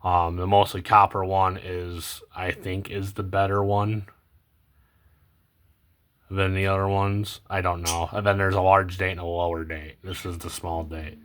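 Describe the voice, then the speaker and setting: Very deep-voiced man rambling casually. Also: little pitch movement, a little slow. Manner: rambling, hesitant, many ums and self-corrections; low-key, trails off quietly at phrase ends. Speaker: coin collecting vlogger. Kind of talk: casual unscripted commentary while sorting coins.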